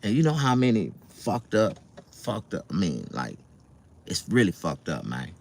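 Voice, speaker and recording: Middle-aged Southern man, very low voice, loose and profane, chatting his life story to viewers. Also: huge pitch swings, unhurried, vocal fry. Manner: loose, profane, conversational with many fillers. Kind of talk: casual livestream storytelling.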